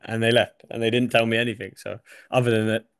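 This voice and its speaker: A young Englishman, a UFC fighter, chats casually in an interview, swearing freely, relaxed, and laughing between thoughts. His voice is lowish, quick, clear, and resonant, recorded cleanly in a studio with no echo.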